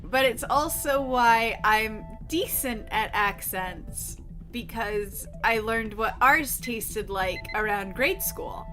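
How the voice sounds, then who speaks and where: A chatty woman streamer rambles casually through a gaming session, swearing as she goes. Her voice sits a touch high and sounds bright and crisp. Faint game music plays underneath. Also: slow. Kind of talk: casual chat while playing.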